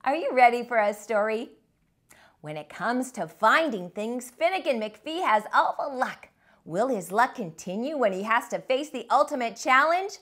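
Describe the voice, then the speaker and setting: A woman hosting a children's storytime, reading a picture book aloud in an expressive, animated way. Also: fairly high pitch, normal speed. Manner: warm expressive read-aloud. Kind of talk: read-aloud storytelling for kids.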